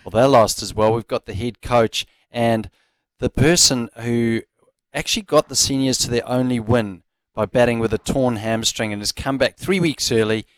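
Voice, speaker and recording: A man's voice: mid-range voice, steady tone, moderate pace, no room sound. A man hosting a sports talk show, jokey as he introduces a guest. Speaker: host.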